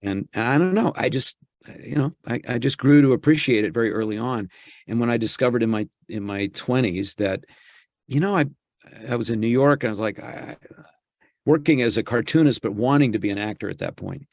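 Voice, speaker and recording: A man's voice: mid-range voice, brisk, a little mellow, no room sound, clean studio sound. A man being interviewed as a voice actor, talking in a reflective way and thinking aloud with frequent restarts. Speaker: guest, voice actor. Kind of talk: casual interview chat.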